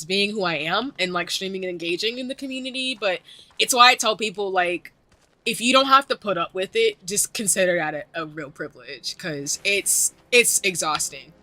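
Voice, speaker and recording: A woman's voice: medium pitch, pushed and bright, no room sound. A woman streamer talking earnestly to her chat in a casual gaming stream, her voice choking up with tears. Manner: earnest, talks straight to her chat, many fillers. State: tearful, voice choking up.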